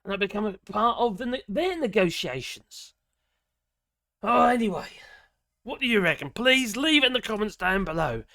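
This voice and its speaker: A woman's voice: mid-range voice, normal speed, no echo, clean studio sound. A woman, middle-aged, ranting sarcastically and indignantly as she comments on a news article, with bursts of mild swearing. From Britain. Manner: animated rant, voice jumps up when outraged.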